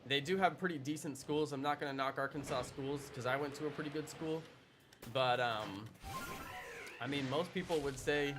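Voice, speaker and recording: A man's voice: mid-range voice, normal speed. A young man live streaming, chatting casually with his audience in a playful, teasing way. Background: background music.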